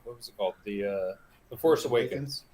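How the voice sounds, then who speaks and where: A man's voice: on the low side, a little fast, crowd noise. Hesitant man in casual chat. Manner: hesitant, searching for words.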